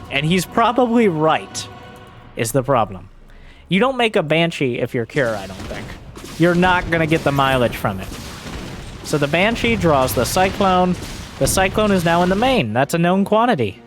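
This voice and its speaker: Excitable man casting a strategy game. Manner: excitable, voice jumps high and shouts during fights. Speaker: esports caster. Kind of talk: solo game commentary.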